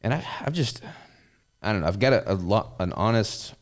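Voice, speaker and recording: A man's voice: lowish voice, expressive, normal speed. A man with a Southern US accent, hosting a podcast and chatting about his business in an easygoing, rambling way. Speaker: podcast host and business owner. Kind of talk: casual chat.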